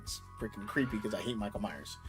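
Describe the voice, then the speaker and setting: A man in his thirties, host of a casual chat show, talking loosely and getting loud and worked up when he rants. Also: fairly low pitch, fast talker, music in the background. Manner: animated, gets loud and excited when ranting. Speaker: podcast host.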